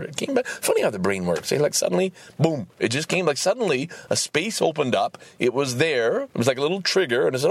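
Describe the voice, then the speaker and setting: A man hosting a casual solo podcast, ranting in an animated and profane way. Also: on the high side, brisk, creaky, few pauses, slightly rough. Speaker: podcast host.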